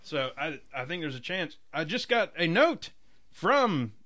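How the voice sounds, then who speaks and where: A man's voice: on the high side, very animated, unhurried, pushed and bright, no room sound, clean studio sound. A man co-hosting a racing podcast, chatty and upbeat, laughing often. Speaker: podcast co-host. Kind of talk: casual chat.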